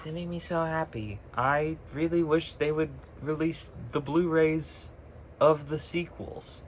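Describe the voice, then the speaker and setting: This vlogger's voice sits on the high side, with fairly even intonation and a slightly slow delivery. Talking casually to camera, he rants sarcastically, curses freely, and laughs partway through sentences. Slight background noise comes through the phone recording.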